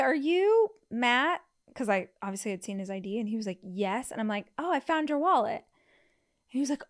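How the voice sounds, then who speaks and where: A woman in her thirties, a podcast host, telling personal stories in a casual way, acting out what people said with big jumps in her voice and lots of "like" fillers. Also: clean tone. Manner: animated, acts out quotes with big pitch jumps; frequent "like" fillers. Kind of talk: casual storytelling.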